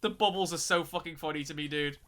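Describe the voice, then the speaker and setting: A young man talks through a live gaming stream with a bright, forceful voice pitched a little high. He rants freely, swears often and restarts his sentences as he goes. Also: fast, clean tone. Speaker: game streamer.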